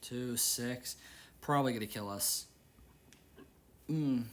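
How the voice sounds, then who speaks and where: A man's voice: medium pitch, slow. Young male gaming host, casual rambling commentary, easily irritated, repeats himself. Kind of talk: casual gameplay commentary with venting.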